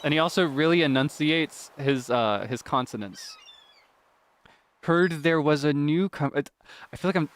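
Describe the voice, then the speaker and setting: A man casually chatting while streaming a farming game, rambling with lots of fillers and quick laughs. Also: fairly high pitch, a bit bright. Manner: rambling, many fillers, giggly.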